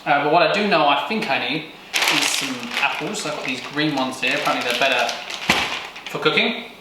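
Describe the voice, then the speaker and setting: A man's voice: fairly high pitch, lively intonation, brisk, natural voice. A Brit putting on a brash American guy. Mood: hammy. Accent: put-on American. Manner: exaggerated folksy drawl with slang. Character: hammy loud American guy, man, brash and folksy. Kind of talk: comic vlog intro. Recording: very echoey room, faint noise.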